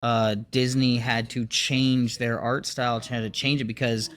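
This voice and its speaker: A man's voice: mid-range voice, flat delivery, measured pace, fairly bright tone. A man co-hosting a gaming podcast in casual chat, rambling with restarts and fillers. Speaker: podcast co-host.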